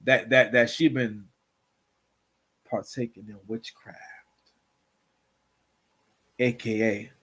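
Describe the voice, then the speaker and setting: A man's voice: medium pitch, steady tone, slow pace, long pauses, fairly bright tone, slightly rough. A man hosting a casual reaction commentary show, rambling and repeating himself with constant filler phrases.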